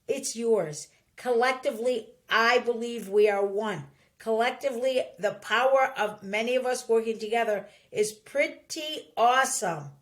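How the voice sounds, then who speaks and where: A woman hosting a podcast in casual chat, speaking emphatically and dropping into soft, sighing asides. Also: on the high side, normal speed, hardly any pauses. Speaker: podcast host.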